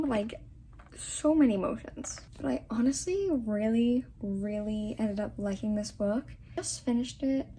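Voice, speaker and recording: A young woman chatting casually in a reading vlog, gushing about books, sometimes dropping to soft half-whispered asides. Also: fairly high pitch, a little hiss or hum, poor audio. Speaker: book vlogger.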